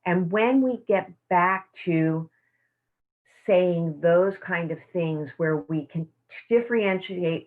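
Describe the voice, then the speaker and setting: A woman teaching a self-care class, speaking in a soft, slow, affirming way over a video call. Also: fairly low pitch. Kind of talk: guided meditation and teaching. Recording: tinny phone-like audio.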